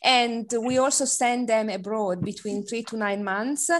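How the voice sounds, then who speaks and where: Lively woman host. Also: on the high side, unhurried. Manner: lively, laughs often. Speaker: seminar host. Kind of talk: casual academic chat on a video call. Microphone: video call.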